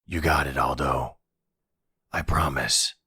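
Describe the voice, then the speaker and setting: A man voicing a calm older mafia man, the heroine's ex, in an ASMR boyfriend role-play, speaking reassuringly. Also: very deep voice, takes it slowly, husky, no room sound, heavily acted.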